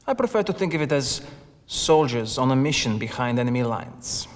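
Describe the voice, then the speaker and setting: An actor playing a formal, commanding Soviet intelligence officer who instructs in a deliberate way. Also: male voice, mid-range voice, sing-song, natural voice. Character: stern Soviet intelligence recruiter, commanding middle-aged man. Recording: reverberant room.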